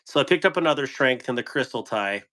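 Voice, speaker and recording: A man's voice: medium pitch, animated, fast, sharp tone. A man hosting a casual live stream about knives, rambling, chuckling often and answering viewers' chat. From United States. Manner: laughing, rambling, reading chat. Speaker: knife channel host on a live stream.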